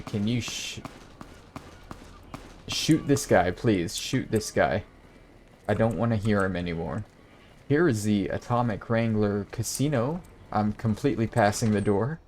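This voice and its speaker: Crude, slow-talking gaming guy. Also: medium pitch, a little mellow, a little hiss or hum. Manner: casual, crude joking. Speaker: gaming host. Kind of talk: let's play commentary.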